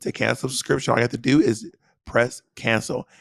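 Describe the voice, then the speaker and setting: A man's voice: mid-range voice, steady tone, fairly quick, creaky, fairly bright tone, dry recording, studio quality. A man in his thirties co-hosting a podcast, reading sponsor ads in a playful, sassy, teasing way. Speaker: podcast co-host.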